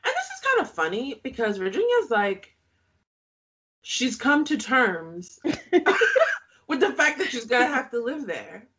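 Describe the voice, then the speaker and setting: A woman's voice: sits high, wildly swooping pitch, unhurried, pauses often, fairly bright tone. A woman co-hosting a podcast, recapping a reality show in casual chat, often laughing and making sarcastic asides.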